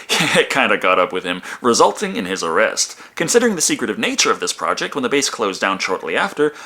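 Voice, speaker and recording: A man's voice: on the low side, pushed and bright. A man narrating a comedic film review in a sarcastic, wisecracking manner.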